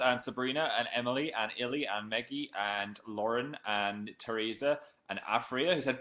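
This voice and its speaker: A young man chats live to his audience over a webcam at home, reeling off viewer names in an easy, jokey way. Now and then he jumps into high, excited hellos before settling back into relaxed chatter. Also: normal speed. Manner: playful, jokey, bursts of excited greetings. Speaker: livestream host. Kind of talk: casual livestream chat, reading viewer comments. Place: at home, indoors.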